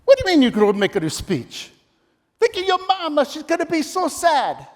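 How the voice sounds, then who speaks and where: A man putting on a loud father. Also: very high voice, wildly swooping pitch, moderate pace, big-room sound, voice pushed up, full character voice. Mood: pleading. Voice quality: broken English, exclamatory. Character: pushy older Italian father, loud and coaxing.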